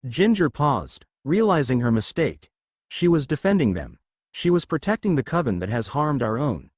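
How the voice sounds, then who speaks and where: Man narrating fan fiction, lively pitch. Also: no echo, clean studio sound. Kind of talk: first-person story narration.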